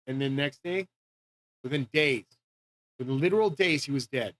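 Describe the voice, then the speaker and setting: A man's voice: medium pitch, normal speed, a bit bright. A man hosting his channel, ranting casually and profanely in an agitated way. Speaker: channel host. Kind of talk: casual rant to camera.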